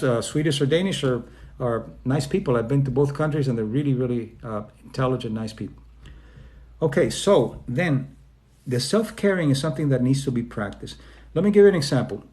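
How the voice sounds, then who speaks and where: A man from Spain speaking informally about self-esteem, often acting out quoted people in quick voice changes, with plenty of fillers and restarts. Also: medium pitch, a little mellow. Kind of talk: informal talk to an online audience.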